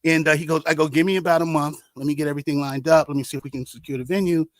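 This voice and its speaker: A man on a podcast telling stories with lively acted-out quotes, dropping to a hush for sad moments. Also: a little high, racing, no echo. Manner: animated storyteller acting out quotes, trails into hushed tones. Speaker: guest, artist manager and concert promoter. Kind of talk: casual storytelling chat.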